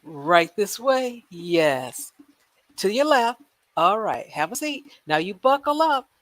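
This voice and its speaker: A woman's voice: mid-range voice, sing-song, slow, fairly bright tone, a little hiss or hum. Woman doing a sing-song flight attendant, mock-polite, teasing, comic skit. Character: cheery woman airline gate agent and flight attendant.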